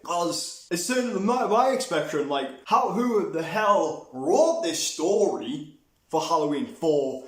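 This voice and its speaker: Brief: man, young, sweary ranting reviewer, high voice, echoey room. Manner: animated, sweary, rambling with restarts. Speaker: movie reviewer.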